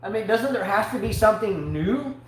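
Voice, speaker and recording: A man co-hosting a live online sports talk show, ranting in an animated way with comic outbursts. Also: sits high, fairly quick. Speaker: show co-host. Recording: very echoey room, faint hiss.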